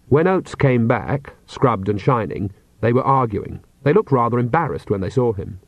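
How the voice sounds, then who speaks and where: A man's voice: medium pitch, animated, normal speed, dry recording. Man narrating a wry storybook. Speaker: audiobook narrator. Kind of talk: scripted narration. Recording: dry, slightly dull studio read.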